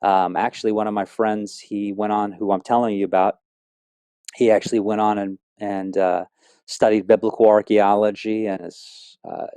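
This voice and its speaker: A man's voice: fairly low pitch, level tone, normal speed, dark tone, clear, resonant tone, no room sound. A middle-aged man telling his personal faith testimony in an earnest, rambling way, with many fillers and restarts. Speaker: speaker sharing a testimony.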